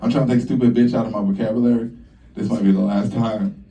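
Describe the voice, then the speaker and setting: A young man doing a stand-up routine on a comedy club stage, brash and profane, acting out both sides of his stories with sudden jumps in pitch. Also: fairly even intonation, fast, warm tone, far from the mic, a little hiss or hum.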